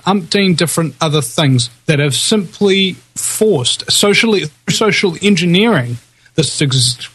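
A man's voice: on the high side, fairly bright tone, husky. A man on a talk radio show, explaining his views at length in a thoughtful way, with many uhs.

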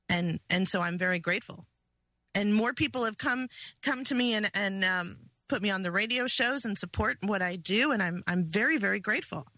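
A woman's voice: medium pitch, pushed and bright, no room sound. A woman as a guest in a casual interview chat, speaking earnestly.

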